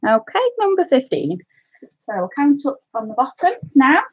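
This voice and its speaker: A woman's voice: high voice, sing-song, moderate pace, husky, no room sound, dull audio. A woman from North Wales with a Welsh accent hosts a craft live stream, chatting casually and calling her viewers "my love".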